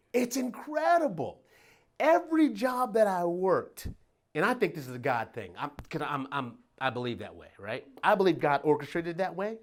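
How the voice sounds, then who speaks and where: A middle-aged man from Detroit gives a motivational talk at a workplace event. His voice rises and falls in a lively, animated way. He is emphatic and folksy, and he laughs as he keeps asking the room "right?". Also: a little high. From Detroit, USA. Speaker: motivational speaker.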